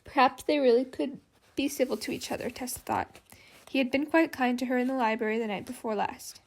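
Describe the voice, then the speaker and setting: Gravelly woman reading an audiobook. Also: a little high, steady tone, fairly quick. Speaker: audiobook narrator. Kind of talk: scripted narration.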